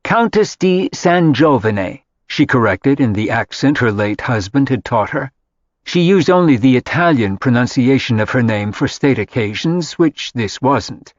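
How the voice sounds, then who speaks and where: A man reading a contemporary novel aloud in scripted narration, measured and even. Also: mid-range voice, no room sound. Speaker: audiobook narrator. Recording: dry, slightly dull audiobook audio.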